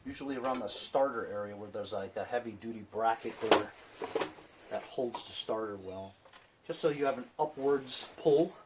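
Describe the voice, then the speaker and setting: The recording is very noisy as a small-engine repair vlogger, speaking at a moderate pace in a medium-pitched voice, works on a lawn tractor engine. He talks viewers through the repair casually and chats to them while he works.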